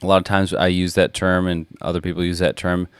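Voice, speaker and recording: A man's voice: low-pitched, flat delivery, brisk, clear, resonant tone, no room sound. A man teaching a guitar lesson, patiently explaining and counting rhythms aloud as he plays. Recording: loud guitar playing behind the voice.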